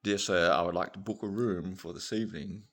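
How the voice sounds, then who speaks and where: A man's voice: sits low, steady tone, brisk. A man voicing a pompous, stiffly polite travelling salesman in a joke. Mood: haughty.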